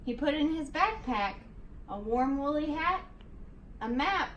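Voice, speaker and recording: High-voiced teacher reading aloud. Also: female voice, animated, a bit bright, slight background noise. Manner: slow, rhythmic read-aloud. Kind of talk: reading a picture book aloud to a class. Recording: echoey room, distant mic.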